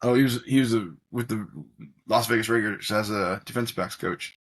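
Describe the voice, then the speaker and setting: A man's voice: fairly low pitch, fairly quick. A man co-hosting a casual sports talk show who makes dry, sarcastic asides. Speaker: co-host.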